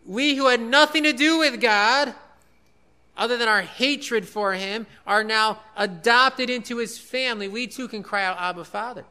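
High, bright-voiced male preacher. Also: a little slow, clear, resonant tone. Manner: earnest, repeats key phrases for emphasis. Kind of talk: sermon.

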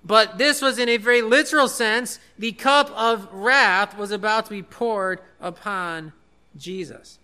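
Male preacher with a high, smooth and very sharp voice, earnest and repetitive in his emphasis. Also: measured pace. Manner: earnest, repeats key phrases for emphasis. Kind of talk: sermon.

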